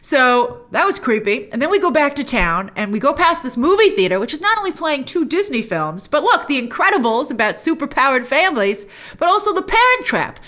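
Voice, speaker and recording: Female host, casual reaction recap, bright swooping delivery, fairly high. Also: a little fast. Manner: animated, jumps into quoted voices of characters. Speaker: host reviewing a TV episode.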